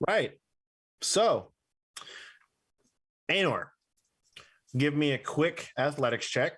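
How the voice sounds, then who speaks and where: A man's voice: on the high side, animated, slow, fairly bright tone, slightly rough. A man narrating a tabletop game as game master, rambling and correcting himself with frequent fillers.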